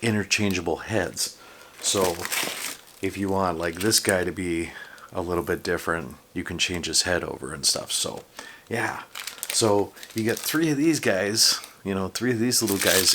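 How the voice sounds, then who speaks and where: A man hosting a casual unboxing video, talking enthusiastically and rambling with lots of fillers. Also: low voice. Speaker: toy unboxing vlogger. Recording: background noise from handling packaging.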